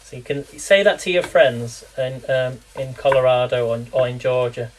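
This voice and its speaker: A man's voice: mid-range voice, moderate pace, a little hiss or hum, poor audio. A man from talks loosely to a live audience while he cooks. His chat rambles, often breaks into laughs, and keeps turning into little word quizzes for the viewers. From England. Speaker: live-streaming home cook. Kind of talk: casual live cooking chat.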